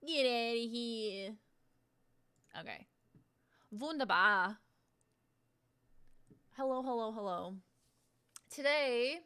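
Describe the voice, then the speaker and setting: A woman's voice: mid-range voice, a bit bright, clear, resonant tone. A woman streaming on Twitch, chatting casually as she sets up, rambling, swearing freely and poking fun at herself.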